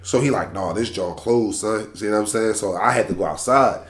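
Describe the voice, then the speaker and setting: A young man, telling a profane, animated story in casual slang. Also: fairly low pitch, a little fast. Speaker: storyteller in podcast chat. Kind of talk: casual chat. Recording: roomy echo.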